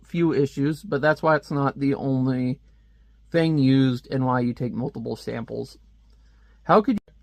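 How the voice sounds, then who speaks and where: A man's voice: mid-range voice, no echo. A man giving casual, joking commentary while reviewing a comic book page by page. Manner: chatty, joking asides.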